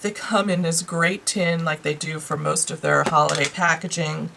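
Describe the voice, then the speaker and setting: A woman's voice: sits low, fairly even intonation, normal speed, creaky, noisy background. A woman with a New York accent casually and enthusiastically reviewing beauty products she bought, chatting to her viewers. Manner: chatty, enthusiastic, lots of fillers. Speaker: beauty vlogger.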